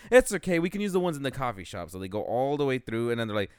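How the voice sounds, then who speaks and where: Smooth-voiced young man telling stories. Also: medium pitch, sing-song, rapid-fire, no room sound, studio quality. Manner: rambling storyteller, acts out others' lines. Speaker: podcast co-host. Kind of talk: casual chat.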